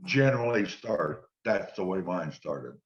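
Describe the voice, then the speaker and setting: Deep-voiced older man telling stories. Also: unhurried. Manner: relaxed anecdotal storytelling, quoting others. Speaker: former football player, guest. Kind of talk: storytelling interview. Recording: dull lo-fi sound.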